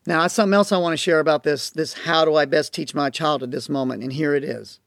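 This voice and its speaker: A man's voice: a little high, steady tone, fast talker, gravelly, a bit bright, dry recording, clean studio sound. A man teaching parents as a coach, talking emphatically and repeating his key phrases. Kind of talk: instructional talk to parents.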